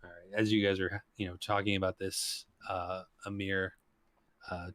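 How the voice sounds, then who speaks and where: Rambling low-voiced male game master. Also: level tone, normal speed, fairly bright tone, dry recording. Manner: rambling, lots of fillers. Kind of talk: narrating a tabletop game.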